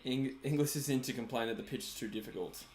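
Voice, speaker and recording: A man's voice: mid-range voice, quick pace, a little mellow, faint music behind. An Australian man hosting a live stream, chatting casually while watching a match, laughing often and answering viewers' comments. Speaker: livestream host.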